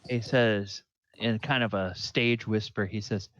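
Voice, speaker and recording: A man narrating as game master of a tabletop game, unhurried, with fillers and pointing at the map. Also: fairly low pitch, steady tone, a bit bright, smooth, dry recording, dull audio.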